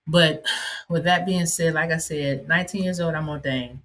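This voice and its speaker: A woman's voice: low voice, normal speed, fairly bright tone. A woman who hosts a podcast and is an ordained minister, telling a personal story in a conversational way, with many fillers and asides.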